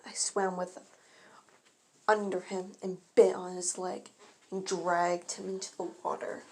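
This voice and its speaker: A woman's voice: fairly low pitch, level tone, a little slow, a little mellow. A woman casually reading her own first-person fan story aloud. She often stumbles and corrects herself mid-sentence.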